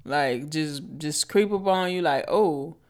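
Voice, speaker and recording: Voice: medium pitch, slow pace. A podcast co-host in casual chat who talks candidly, tells stories and swears freely. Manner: candid, profane, storytelling.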